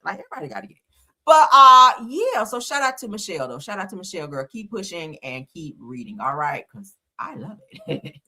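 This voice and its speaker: A woman's voice: mid-range voice, big pitch swings, fairly quick, sharp tone. A woman giving sassy, dramatic gossip commentary, full of exclamations.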